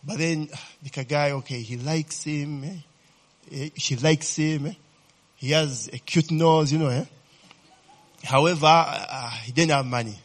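A man's voice: fairly high pitch, measured pace. A middle-aged man with a Ugandan English accent gives a rambling, joking talk to an audience. He often laughs, teases his listeners and quizzes them as he goes. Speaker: speaker addressing an audience. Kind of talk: informal talk to a crowd.

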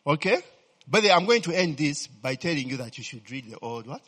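A man's voice: a little high, big pitch swings, fairly quick, a bit bright, big-room sound. A man preaching a humorous, conversational sermon, constantly checking in with "eh?" and "okay?" and answering his own questions. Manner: peppers talk with "eh?" and "okay?" checks to the congregation.

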